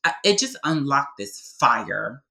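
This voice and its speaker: A woman's voice: very deep voice, very animated, slow pace, creaky, sharp tone, rough recording. A young adult woman speaking with passion and conviction as a podcast guest, often checking in with "right?". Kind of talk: heartfelt podcast conversation.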